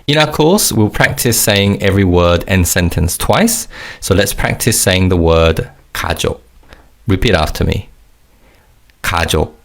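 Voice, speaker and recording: A man's voice: low-pitched, animated, moderate pace, gravelly. A man teaching a recorded language lesson, explaining words patiently and leading repeat-after-me drills.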